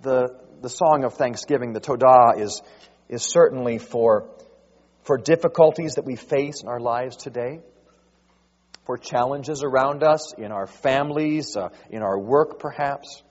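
A man preaching a sermon, rising to loud, drawn-out emphasis as he quotes scripture. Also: medium pitch, big-room sound, dull audio. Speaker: pastor.

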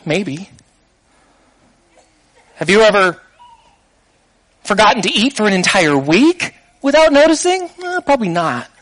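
A man's voice: high-pitched, fairly bright tone, no room sound, poor audio. A man preaching a sermon in a conversational way, putting rhetorical questions to his listeners.

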